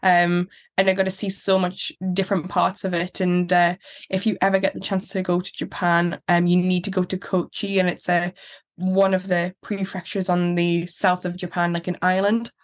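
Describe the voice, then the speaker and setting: A woman's voice: lowish voice, completely flat delivery, moderate pace. Chatty young Geordie woman. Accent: soft Geordie. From Newcastle, England. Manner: chatty, laughs easily. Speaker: guest, pageant finalist. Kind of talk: casual interview chat.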